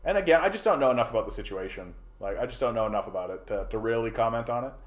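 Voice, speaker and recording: A man's voice: medium pitch, animated, rapid-fire. A man hosting a casual political stream, talking bluntly with lots of restarts and profanity. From Canada. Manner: rambling, blunt, profane, many restarts and fillers. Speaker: livestream host. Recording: roomy echoey room.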